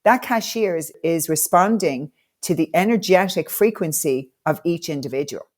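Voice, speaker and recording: A woman's voice: fairly low pitch, animated, moderate pace. A woman coach, a podcast guest, telling stories with enthusiastic, motivational energy. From Ireland. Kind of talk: conversational podcast interview.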